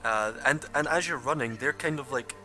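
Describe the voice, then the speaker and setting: A man's voice: medium pitch, moderate pace, music in the background. Laughing, rambling male game master. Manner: rambling, laughing, many fillers. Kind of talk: narrating a tabletop game.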